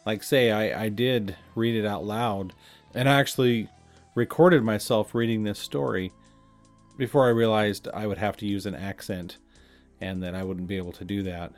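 A man's voice: lowish voice, fairly even intonation, moderate pace, soft background music. A man hosting a podcast, talking in a reflective, conversational way and chuckling at himself now and then. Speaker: podcast host. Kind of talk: casual chat.

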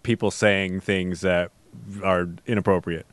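A man's voice: sits low, little pitch movement, moderate pace, clear, resonant tone, dry recording. A man co-hosting a podcast, giving dry, teasing short replies between laughs. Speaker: podcast co-host and editor. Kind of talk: casual podcast chat.

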